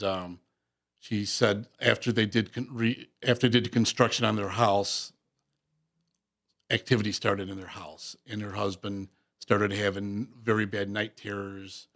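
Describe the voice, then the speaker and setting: A man, a paranormal investigator, telling a spooky story in a casual radio interview, halting and full of restarts. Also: lowish voice, a bit bright. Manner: halting, many restarts and fillers. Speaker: paranormal investigator and police officer.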